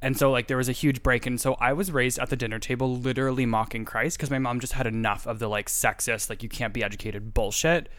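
A man's voice: mid-range voice, fairly even intonation, quick pace, hardly any pauses, fairly bright tone, no echo. Rambling crude man on a podcast. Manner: rambling, crude, full of "like" fillers. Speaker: podcast co-host. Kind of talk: casual comedic podcast chat.

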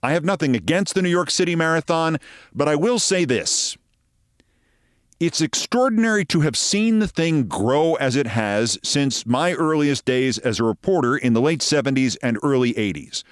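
A man's voice: fairly high pitch, lively intonation, moderate pace, dry recording, studio quality. A man in his sixties hosting a show, telling wry, conversational anecdotes. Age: 60s. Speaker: host. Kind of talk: monologue storytelling.

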